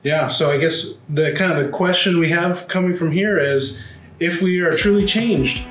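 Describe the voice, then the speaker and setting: A man's voice: on the high side, normal speed, a bit bright, faint music behind. A man co-hosting a devotional conversation, prompting with questions and brief affirmations. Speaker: co-host asking questions. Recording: echoey room.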